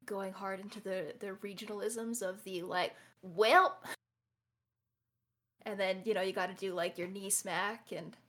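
A woman's voice: mid-range voice, little pitch movement, normal speed, few pauses, slight background noise. A woman from Canada on a podcast panel, chatting casually and telling a game story with animation. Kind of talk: casual chat.

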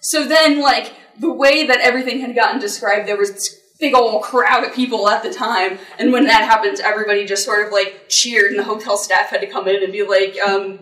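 A woman game master telling a laughing, animated story on a convention panel. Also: mid-range voice, moderate pace. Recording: roomy, from far off the mic.

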